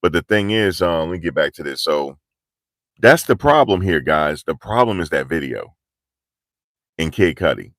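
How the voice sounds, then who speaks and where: Male vlogger, low voice, animated and slangy, live outdoors, dry close sound. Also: moderate pace, long pauses, no room sound. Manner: animated, slangy, pushing energy. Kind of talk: live street commentary. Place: outdoors in cold, rainy weather.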